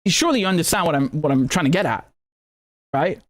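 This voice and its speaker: A man hosting live news commentary, his voice sitting a touch high. He speaks indignantly, stumbling over repeated words and tossing out rhetorical questions as he goes. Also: animated, quick pace. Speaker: political commentator and host.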